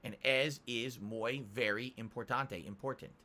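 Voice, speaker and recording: A man's voice: medium pitch, fairly even intonation, unhurried, pushed and bright. A man hosting a livestream in casual chat, answering viewer questions with a sarcastic, self-mocking manner and a lot of restarts. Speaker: livestream host. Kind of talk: casual live-stream chat, reading chat questions.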